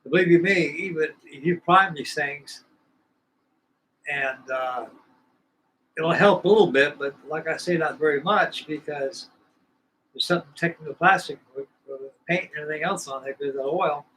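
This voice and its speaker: A man's voice: fairly high pitch, moderate pace, pauses often, bright, forceful tone, slight background noise, low-quality recording. An older man in his sixties telling a long, rambling, folksy story while building a model kit, often repeating himself. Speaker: scale model builder hosting a live stream. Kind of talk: casual storytelling chat.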